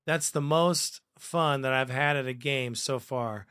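A man hosting a fan podcast, reading listener comments aloud in a profane, excitable way and laughing often. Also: mid-range voice, a little slow, clear, resonant tone, dry recording, clean studio sound.

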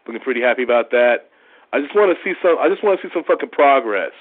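A man's voice: mid-range voice, animated, quick pace. Male fan caller, profane frustrated rant, thin phone-quality audio. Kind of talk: ranting sports fan message. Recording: tinny phone-like line.

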